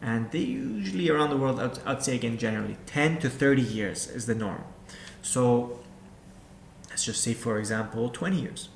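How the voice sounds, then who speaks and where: A man's voice: medium pitch, moderate pace, creaky, slight background noise. A man coaching beginners as a real estate investor, talking straight to the viewer and repeating his points. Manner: direct, repetitive, addresses viewer as you. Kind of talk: instructional talk to camera. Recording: echoey room with faint background ambience.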